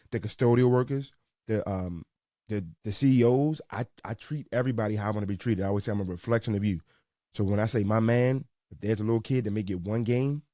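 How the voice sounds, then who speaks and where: A young man from Baltimore, a sports reporter guesting on a podcast, talking earnestly with a few halting restarts. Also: fairly low pitch, dark tone, no echo, clean studio sound. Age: young adult. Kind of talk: casual podcast chat.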